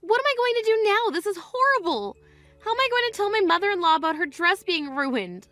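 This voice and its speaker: A woman's voice: very high-pitched, lively intonation, a little fast, fairly bright tone, no room sound. A woman voicing an indignant young bride who answers with cutting firmness in a voiced text-story drama. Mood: upset.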